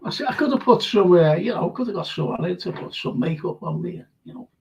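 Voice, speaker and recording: A man's voice: high-pitched, lively intonation, brisk, creaky, low-quality recording. An older man hosting a live fan phone-in style show, chatting casually and reading viewer messages aloud with open emotion. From England. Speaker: host.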